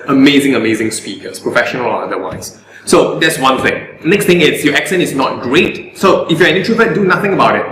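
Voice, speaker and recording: A man's voice: mid-range voice, echoey room, noisy background. A man coaching on public speaking in a live Q&A, earnest and often repeating words as he finds his phrasing. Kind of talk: live stream Q&A.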